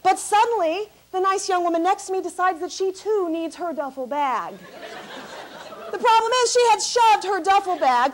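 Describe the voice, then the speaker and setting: A woman keynote speaker telling a comic story to an audience, animated and laughing as she talks. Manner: animated, laughing, high-energy.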